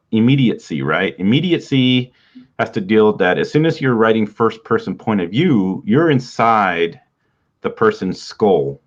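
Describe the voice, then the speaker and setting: A man hosting a writing podcast, explaining in a relaxed, rambling teaching talk with frequent small laughs and a stuffy nose. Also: on the low side. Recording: dull lo-fi sound.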